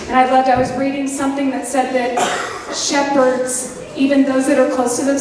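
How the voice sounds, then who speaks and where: A woman preacher, giving a sermon in a folksy, animated storytelling way with playful asides to the congregation. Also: high voice. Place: church sanctuary. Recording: echoey hall, voice from a distance with background noise.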